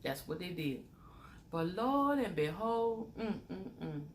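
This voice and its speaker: A woman's voice: on the low side, sing-song, slow pace, slight background noise. A middle-aged woman, hosting a casual chat and laughing as she tells a story. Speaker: channel host.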